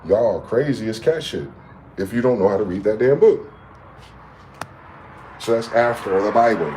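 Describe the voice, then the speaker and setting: A man's voice: on the low side, noisy background. A man vlogging in a heated monologue, reading a document aloud and breaking off into angry, profane rhetorical questions.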